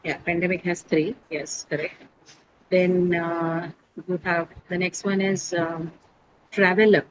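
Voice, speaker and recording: A woman teacher leading an English pronunciation lesson, patiently repeating each word slowly for her students. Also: fairly low pitch, level tone, noisy background. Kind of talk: classroom lesson on syllables and stress.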